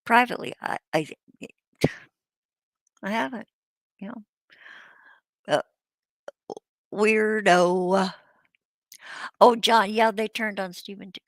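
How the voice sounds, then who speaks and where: Halting gravelly-voiced woman. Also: mid-range voice, fairly even intonation, no echo. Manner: hesitant, halting, many restarts. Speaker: livestream host. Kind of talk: casual live chat with viewers.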